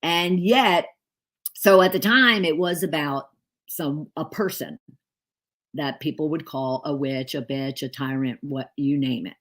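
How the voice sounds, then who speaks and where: A woman's voice: low voice, measured pace, fairly bright tone. A middle-aged woman, an author and leadership coach, telling a personal story candidly, with many fillers and self-corrections. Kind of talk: casual storytelling monologue.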